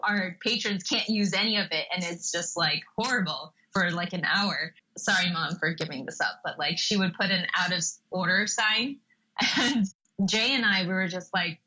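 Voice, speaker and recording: Young woman guest on a podcast, bright tense voice, animated storyteller, kinda dull lo-fi sound. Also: on the low side, moderate pace. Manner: lively storyteller, acts out quotes with laughs. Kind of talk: casual interview chat.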